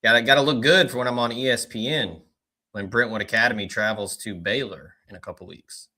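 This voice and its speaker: A man guesting on a sports podcast as a recruiting analyst, talking in relaxed, filler-heavy casual chat. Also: mid-range voice, brisk.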